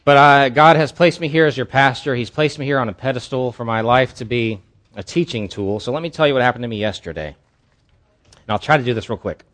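Pastor, male, mid-pitched, earnest candid storyteller, preaching a sermon at a church service. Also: fairly quick, a bit bright.

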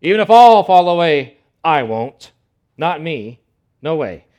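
A preacher acting out a boastful, insistent male disciple with a loud, cocky voice. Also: medium pitch, sing-song, normal speed, close to an everyday voice.

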